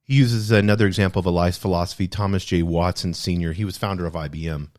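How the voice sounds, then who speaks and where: Earnest man discussing a book, low voice. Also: steady tone, fast talker, darkish tone. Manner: earnest, reflective, repeats key phrases for emphasis. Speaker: podcast host.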